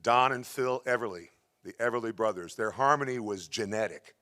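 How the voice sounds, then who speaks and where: A man's voice: lowish voice, brisk, pushed and bright. A male singer hosting a benefit concert on a theatre stage, chatting folksily about music history between songs. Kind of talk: storytelling patter between songs.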